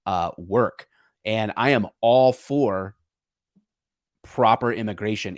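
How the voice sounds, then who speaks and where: A lowish male voice, studio quality and free of echo, belongs to a podcast co-host in a casual political discussion. He talks the issue over earnestly, repeatedly beginning sentences again while he searches for words.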